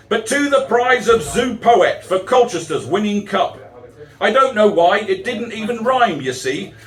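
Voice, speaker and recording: A middle-aged English poet performs live in a chapel venue, blending rhyming verse with wry, self-mocking asides. His voice sits high with a fairly bright tone, and the recording sounds roomy and distant.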